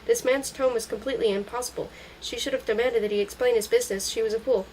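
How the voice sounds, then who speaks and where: A woman's voice: fairly high pitch, steady tone, fast, darkish tone, slight background noise, poor audio. A woman reading a novel aloud, moving steadily through long sentences with small slips and restarts. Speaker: audiobook reader.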